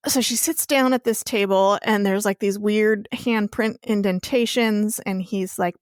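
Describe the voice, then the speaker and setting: A woman's voice: mid-range voice, steady tone, unhurried, hardly any pauses, no room sound. Chatty woman recapping a show, dry sound. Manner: chatty storytelling with casual swearing. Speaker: podcast co-host. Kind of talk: casual TV recap chat.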